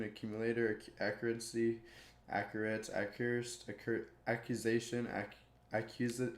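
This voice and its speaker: Male YouTuber, flat delivery, rattles off a word list, slips and laughs, roomy sound. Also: fairly low pitch. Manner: monotone word list with stumbles and chuckles. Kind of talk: reading dictionary words aloud.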